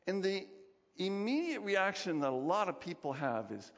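A male pastor giving a conversational sermon, animated and lively, often acting out what people say. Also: high voice, moderate pace. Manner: animated, conversational, acts out quotes. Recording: dull recording, long hall reverb.

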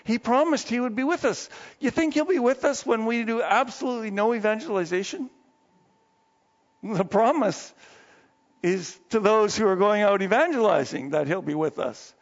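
A male pastor preaching a sermon in a conversational, animated way, dropping to low asides and then rising into excited bursts. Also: moderate pace. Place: church sanctuary. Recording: long hall reverb, dull muffled sound.

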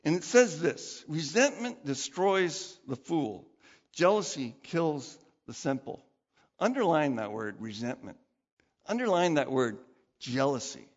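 A man preaching a sermon as pastor, conversational and animated, acting out quoted voices. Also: fairly high pitch, a little slow. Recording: dull sound with long hall reverb.

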